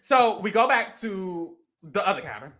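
A woman co-hosting a show, recapping in casual chat, animated and profane, often laughing. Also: medium pitch, moderate pace. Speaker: podcast co-host.

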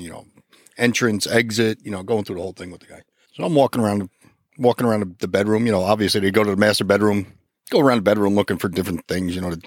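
A man from New Jersey, a police sergeant, co-hosts a podcast and rattles off stories quickly with crude jokes. His voice is on the low side. The sound is dry and close to the mic. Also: no echo. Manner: wisecracking, swears freely. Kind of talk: casual storytelling.

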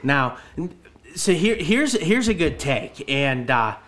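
Man, podcast host, fairly high voice, talks in loops and restarts. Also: very animated, slow, fairly bright tone, a little hiss or hum. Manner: rambling, repeats words as he restarts. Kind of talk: casual chat.

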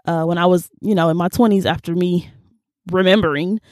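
A woman in her twenties talking earnestly and casually about a Bible story, lively when she quotes people and quieter when she shares her own life. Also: lowish voice, brisk, no room sound, clean studio sound. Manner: earnest and animated, slips into quoted voices, Southern-leaning casual speech. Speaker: faith vlogger. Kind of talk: personal Bible reflection, casual talk.

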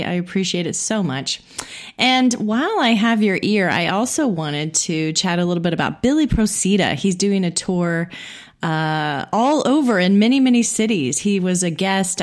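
Chatty woman podcast host from Indiana. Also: lowish voice. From Indiana, USA. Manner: chatty, friendly, self-deprecating. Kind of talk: casual podcast announcements.

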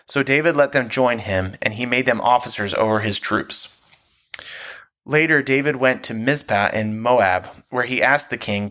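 A man reading scripture aloud in a steady, clear way. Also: mid-range voice, normal speed. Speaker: scripture reader.

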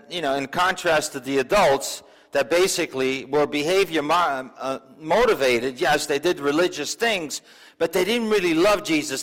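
A male pastor delivers a sermon with a slightly raised pitch, talking to the congregation in an easy, conversational way. He drops in asides and asks the listeners questions as he goes. His voice rings out in a church with a long, lingering reverb. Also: a bit bright. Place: church sanctuary.

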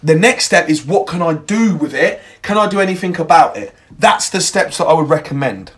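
Young man, podcast host, motivational monologue, emphatic, swears a lot, fairly high voice. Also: expressive, a little fast.

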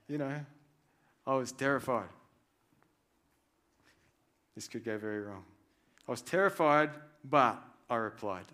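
A man preaching a sermon, reading scripture aloud and swinging between hushed and loud, animated delivery. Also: mid-range voice. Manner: reads scripture aloud with feeling.

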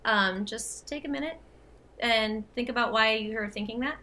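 Young woman, podcast co-host, slightly high voice, chatty, laughing. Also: bright, forceful tone. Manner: chatty, laughing, quick asides. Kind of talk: casual chat.

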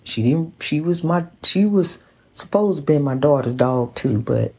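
A woman's voice: sits low, animated, a little slow, a little mellow. Woman, personal testimony, preachy, repetitive, says honey a lot. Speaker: vlogger.

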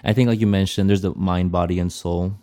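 A man's voice: low-pitched, fairly even intonation, a little fast, mellow. A man co-hosting a podcast, speaking thoughtfully and with some hesitation in casual chat. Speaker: podcast co-host.

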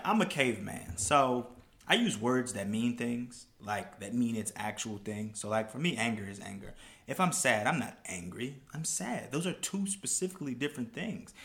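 A man's voice: medium pitch, echoey room. A man hosting a casual podcast chat, talking emphatically and animatedly. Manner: animated, emphatic, talks with "like" a lot. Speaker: podcast host.

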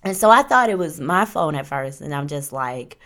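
Brief: young woman host, lively storyteller with a low, swinging voice. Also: normal speed. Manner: animated, acts out quotes, talks with "like" and "right?". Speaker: podcast host. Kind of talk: casual storytelling chat.

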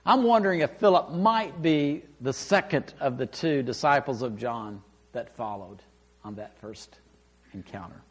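A man preaching a sermon, reading scripture aloud and explaining it with emphatic, animated delivery. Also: mid-range voice, measured pace, breathy edge. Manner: animated, rising and falling for emphasis, acts out quoted lines.

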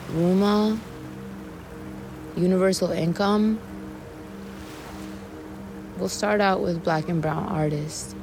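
A woman hosting a podcast, speaking an earnest, meandering monologue while on a mushroom trip, with sighs and the odd swear word. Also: fairly low pitch. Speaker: podcast host. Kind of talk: spoken reflective monologue.

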